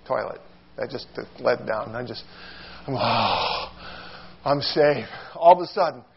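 A man preaching a sermon tells a funny story from his childhood, animated and self-mocking, acting out quotes with squeals and shouts. His voice is medium-pitched, and the audio sounds dull.

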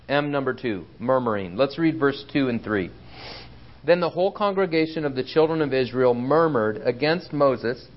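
A man's voice: on the high side, muffled recording. A man teaching through a Bible passage in a sermon, earnest and often checking with his listeners. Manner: earnest, asks the room for agreement with frequent "right?". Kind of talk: expository sermon.

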